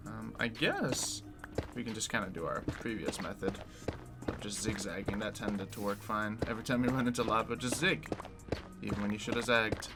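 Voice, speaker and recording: Over background music, a man with a lowish voice streams a game at a moderate pace. He chats casually with his viewers between tasks, relaxed and rambling loosely from one thought to the next.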